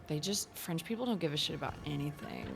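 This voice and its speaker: A woman gaming streamer giving casual let's-play commentary, excitable and gushing, laughing often. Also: low voice, fast, gravelly. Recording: game music behind.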